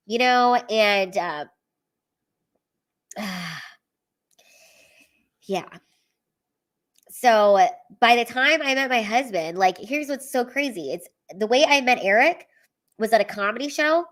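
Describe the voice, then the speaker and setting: A woman comedian talks straight to her viewers from home, her voice sitting a little higher than most. She tells personal stories in a loose, candid way, packed with "like" and the odd swear word. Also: animated, slow pace, pauses often, a bit bright. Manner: chatty, heavy use of "like", casual swearing. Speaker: stand-up comedian. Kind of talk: candid storytelling livestream.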